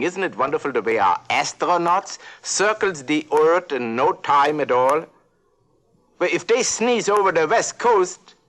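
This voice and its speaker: A man's voice: a little high, a bit bright. An actor playing an eccentric old male duck professor, rambling and giggling as he tells a storybook tale. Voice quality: giggly, rambling, self-correcting. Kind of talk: storybook narration for a talking toy.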